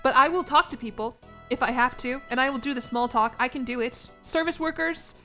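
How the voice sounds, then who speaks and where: A woman's voice: on the high side, fairly even intonation, fairly quick, bright, forceful tone, soft background music. A young American woman streaming a game and chatting casually with her audience, in a rambling, self-conscious way. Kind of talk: casual chat with a live chat.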